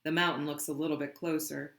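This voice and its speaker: A reader reading a children's novel aloud, slow and deliberate. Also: medium pitch, level tone, creaky, a bit bright. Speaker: audiobook reader. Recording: roomy, echoey room.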